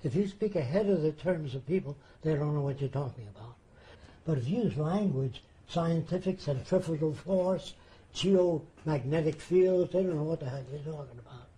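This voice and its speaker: A man recounting a story in a mellow, somewhat raised voice. He talks deliberately and with emphasis, pausing to ask whether the listener follows. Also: fairly high pitch, rough recording. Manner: deliberate, emphatic, rhetorical questions. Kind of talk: casual storytelling.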